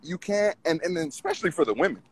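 A man calling in to a talk show, arguing his side in an animated way and often repeating himself. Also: a little high, fast talker, slightly rough, rough recording. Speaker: caller. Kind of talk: casual call-in debate.

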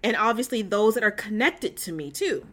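Over a phone call, a woman hosts a casual faith talk, her medium-pitched voice lively and fairly bright at a normal speed. She's earnest and emotional, chatting along with plenty of fillers and asides.

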